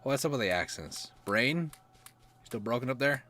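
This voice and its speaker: A man's voice: mid-range voice, expressive, moderate pace, bright, forceful tone, a little hiss or hum. A man giving casual gameplay commentary, rambling and mocking himself, chuckling often. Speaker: gaming YouTuber.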